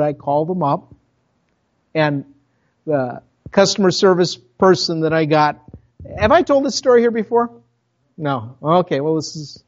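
A pastor from Minnesota with a Minnesotan accent, preaching a sermon in a conversational storytelling way, full of asides to the congregation. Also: male voice, fairly high pitch, darkish tone, lo-fi sound. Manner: conversational, with self-interrupting asides.

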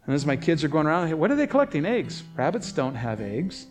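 Guy preaching, kinda high voice, gets real animated telling stories, little guitar playing under him. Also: fast talker. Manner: animated storytelling, voices rising sharply for quoted people. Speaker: pastor. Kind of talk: sermon.

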